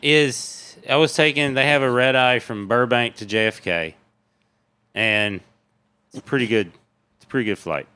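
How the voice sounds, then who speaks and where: Animated, profane man telling stories. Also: mid-range voice, normal speed, long pauses, clear, resonant tone. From Tennessee, USA. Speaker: comedian guest. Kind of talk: casual podcast chat.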